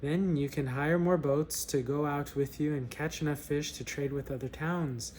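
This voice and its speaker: A man's voice: on the high side, fairly even intonation, moderate pace, darkish tone, slight background noise, close to an everyday voice. A man voicing a persuasive economist while reading a story aloud. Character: pushy adult male economist.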